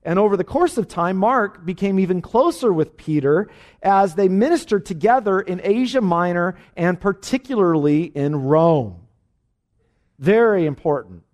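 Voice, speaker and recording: A man, a pastor, teaching an evening Bible study in an emphatic, animated way, with frequent "uh" fillers. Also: sits high, normal speed.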